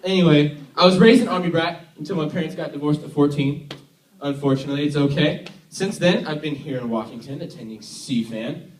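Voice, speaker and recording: A man's voice: on the high side, fairly quick, a little hiss or hum. A young man from Tennessee giving a casual, joking sermon as a youth worship leader, chatty and self-deprecating. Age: young adult. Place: church hall. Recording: echoey hall, mic from far off.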